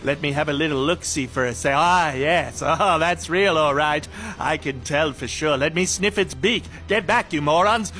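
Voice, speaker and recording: A jolly vampire of a cat, theatrical and smug, savoring its prey as a man voices it with an Australian accent. The voice sits fairly high and bright. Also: moderate pace, few pauses. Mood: smug relish.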